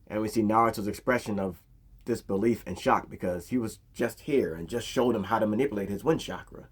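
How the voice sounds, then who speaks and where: A man's voice: sits low, husky. A man casually retelling an anime story in a slangy, conversational way. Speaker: anime recap narrator.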